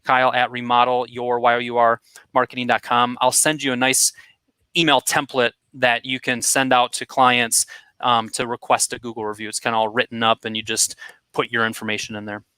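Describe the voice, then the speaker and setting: A man giving direct, energetic marketing advice as a guest expert, talking casually with quick asides. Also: mid-range voice, clean tone, no echo. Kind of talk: conversational coaching advice.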